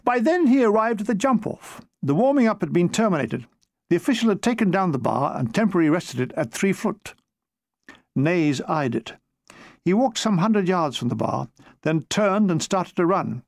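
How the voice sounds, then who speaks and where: A man with a high, gravelly voice reads his memoir in a dry, comic way, now and then slipping into a quick voice for someone in the story. The recording is close and dead, with no room sound. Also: big pitch swings, no echo. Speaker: author reading his memoir. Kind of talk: audiobook narration.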